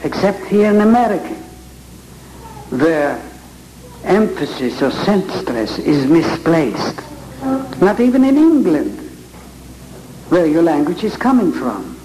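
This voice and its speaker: Slow, emphatic man lecturing in an echoey hall. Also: fairly high pitch, very animated, dark tone, a little hiss or hum. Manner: slow, emphatic, theatrical stress. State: has a head cold. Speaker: speaker teaching Bible reading. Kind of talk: lecture to a live audience. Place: large hall with audience. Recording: echoey hall with audience ambience.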